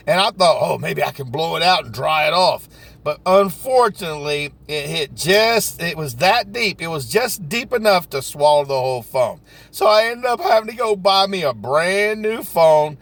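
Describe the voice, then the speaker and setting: A man with a Southern US accent telling stories from his sales work in a folksy, animated way. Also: high-pitched. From Southern United States. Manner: folksy, animated, dialect grammar like "ain't nobody". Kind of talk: casual storytelling vlog.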